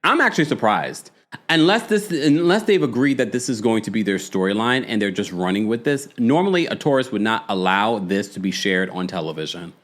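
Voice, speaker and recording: A man's voice: fairly low pitch, expressive, brisk, fairly bright tone. A man with a New York accent hosting a live reality-show recap, reading viewer comments and laughing often as he acts out quotes. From United States.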